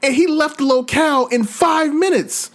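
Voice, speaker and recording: A man with a very high-pitched voice hosts a podcast at a moderate pace. He chats casually, telling gaming stories as an animated storyteller who acts out his own reactions.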